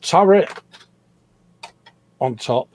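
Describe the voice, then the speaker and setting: A man's voice: a little high, expressive, extremely slow, a little mellow. Male host, easygoing chatter over a hobby build, says "mate" a lot. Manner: chatty, reads out viewer names, says "mate". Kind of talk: casual live-stream chat while building a model kit.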